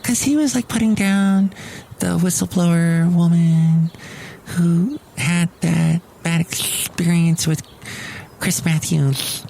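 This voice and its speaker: A man's voice: a little high, steady tone, slow, gravelly, darkish tone, a little hiss or hum, voice pushed up. A man voicing an indignant, gossipy female gift shop supervisor. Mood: huffy. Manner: gossipy, huffy.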